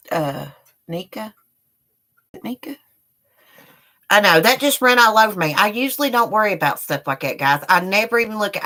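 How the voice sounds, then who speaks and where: A middle-aged woman who streams live on YouTube rants angrily, her mid-range voice sharp-toned. She's fired up, heated and profane, addressing her viewers directly.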